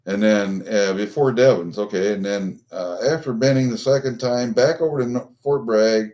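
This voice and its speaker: With a fairly low, slightly mellow voice, a middle-aged vlogger rambles to his livestream audience. He swears, leans on fillers, and keeps restarting sentences.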